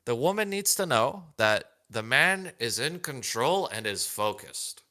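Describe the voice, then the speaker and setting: A man co-hosting a casual chat, earnest and emphatic in his views. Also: unhurried. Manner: earnest, emphatic, pitch jumps when excited. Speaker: podcast co-host.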